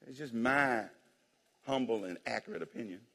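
A man's voice: medium pitch, lively intonation, moderate pace, vocal fry, fairly bright tone. A man preaching a playful sermon as pastor, joking with the congregation and calling for amens. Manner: playful preaching, calls for amens and jokes with the crowd. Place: church sanctuary. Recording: long hall reverb in a church.

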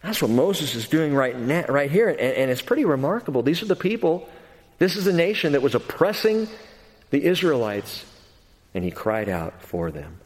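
A pastor preaching an expository sermon, earnest and emphatic, going from quiet passages to loud ones. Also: male voice, a little high, sing-song, normal speed. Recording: long hall reverb.

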